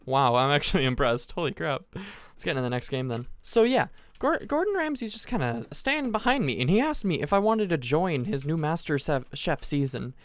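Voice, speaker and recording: A teenage boy telling a long, rambling story as casual commentary over a game he is playing, animated, restarting sentences and adding asides. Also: a little high, brisk, dry recording. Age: teens. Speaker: gaming channel host.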